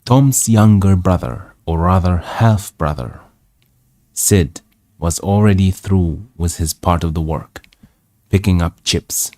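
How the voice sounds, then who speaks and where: A man's voice: deep voice, takes it slowly, a little mellow, no echo, studio quality. A man reading a novel aloud for English learners, stopping to check words and repeat their pronunciation. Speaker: English teacher.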